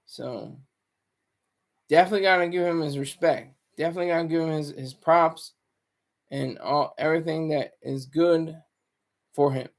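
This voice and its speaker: High-pitched male streamer; loose, meandering, self-interrupting chat to viewers. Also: normal speed, pauses often. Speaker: livestreamer. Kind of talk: casual livestream commentary.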